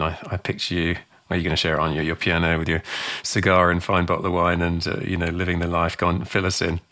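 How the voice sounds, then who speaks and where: A man's voice: low-pitched, fairly bright tone. A man hosting a podcast, encouraging his guest with informal prompts. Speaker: podcast host. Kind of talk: interview questions.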